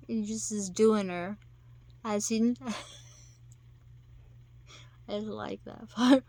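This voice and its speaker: A woman's voice: medium pitch, steady tone, very slow, pauses often, mellow, dry recording. A woman talking casually to her viewers, rambling and giggling, acting out quotes in put-on voices. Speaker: vlogger. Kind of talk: casual monologue to camera.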